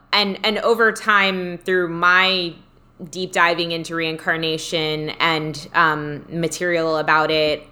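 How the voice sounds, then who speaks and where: Bright-toned woman podcast host. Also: low-pitched. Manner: reflective, enthusiastic, reads listener comments. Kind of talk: casual chat.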